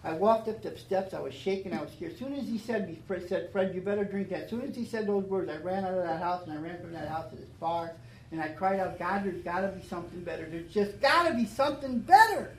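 A middle-aged man tells his story to a meeting room, earnest and repetitive, his voice swelling into loud, emphatic declarations. The sound is roomy and echoey, with a faint hum underneath. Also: high-pitched, fast talker. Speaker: speaker at a recovery meeting. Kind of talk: personal testimony to an audience.

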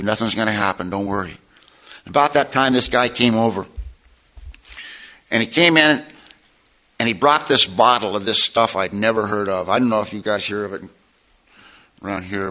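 A man with a bright, forceful voice gives his personal testimony to a meeting. He speaks plainly and informally, in a folksy storyteller's way with touches of wry humor. He sounds middle-aged, like someone who has talked to rooms of people before. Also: medium pitch, poor audio.

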